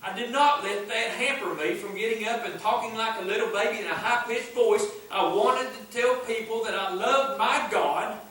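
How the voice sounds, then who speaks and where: A man's voice: high-pitched, moderate pace, hardly any pauses, bright, forceful tone. A man preaching a fervent sermon in a church, emphatic and repeating his refrains. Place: church sanctuary. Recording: echoey church from far off.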